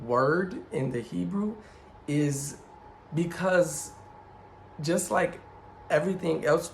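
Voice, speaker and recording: A man's voice: mid-range voice, vocal fry, slight background noise, rough recording. A man leading a ministry group, giving a casual spoken lesson and spelling out letters one by one. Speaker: ministry youth leader teaching Hebrew words.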